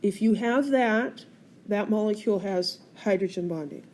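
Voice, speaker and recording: This tablet-recorded chemistry lecture features a woman whose darkish, medium-pitched voice moves at a moderate pace over a faint hiss or hum. She works through the material step by step, posing questions to her students.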